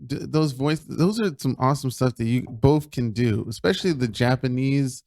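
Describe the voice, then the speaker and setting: A man's voice: mid-range voice, animated, gravelly, darkish tone, no room sound. Dry-recorded man hosting a podcast. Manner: supportive, quick affirmations, laughs along. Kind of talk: casual podcast chat.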